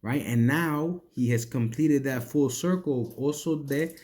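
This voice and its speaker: A man's voice: medium pitch, measured pace, darkish tone. A man teaching spiritual lessons by retelling a sacred story, checking in with listeners with a frequent "right?" and repeating words as he rethinks a sentence.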